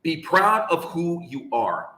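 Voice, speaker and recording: A man's voice: a little high, sing-song, takes it slowly, sharp tone, reverberant, low-quality recording. A man in his fifties hosting a live discussion, talking with passion and hammering home his points. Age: 50s. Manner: passionate, emphatic, repeats points for effect. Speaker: show host.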